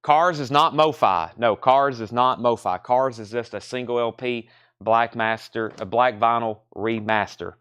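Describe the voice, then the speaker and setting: A man hosting a live record sale, quickly calling out prices and reading buyer comments, a little out of breath. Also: medium pitch, a bit bright, smooth, no echo. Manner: fast, running price calls and reading comments. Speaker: record store host selling live. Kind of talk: live sales stream chat.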